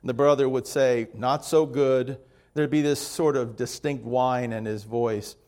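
A man, a pastor, preaching a sermon in a church sanctuary with slow, emphatic phrasing that softens at the ends of lines. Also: mid-range voice, level tone. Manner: slow, emphatic delivery with soft trailing phrases.

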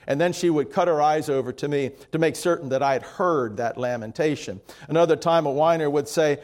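A man, a pastor, preaching a sermon in a church sanctuary with slow, emphatic phrasing that softens at the ends of lines. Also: mid-range voice. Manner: slow, emphatic delivery with soft trailing phrases.

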